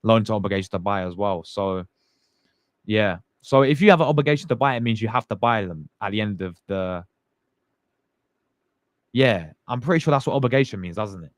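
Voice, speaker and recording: A man's voice: lowish voice, expressive, fairly quick, long pauses, no echo. A young man hosting a live fan stream, chatting casually and greeting viewers by name in slangy talk. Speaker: fan channel host.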